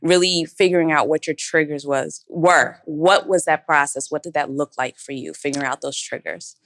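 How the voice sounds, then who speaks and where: A woman's voice: sits low, moderate pace. A woman from the audience asking a question hesitantly, with many "um"s.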